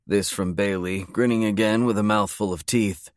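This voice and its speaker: A man reading a romance audiobook in a measured, low-key narration. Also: fairly even intonation, no echo, studio quality. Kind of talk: scripted narration.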